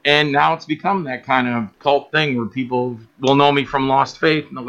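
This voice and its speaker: A man guest on a podcast telling stories about his filmmaking, animated and acting out other people's voices. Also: medium pitch, normal speed, muffled recording. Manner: animated, acts out quoted voices, laughs often. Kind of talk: casual storytelling interview.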